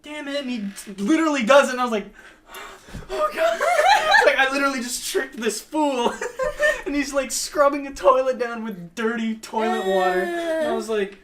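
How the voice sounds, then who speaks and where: A man's voice: extremely high pitch, fairly quick, few pauses, noisy background. A young man chatting casually and telling a story, laughing often and acting out what people said. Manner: animated, laughing often, acts out quotes.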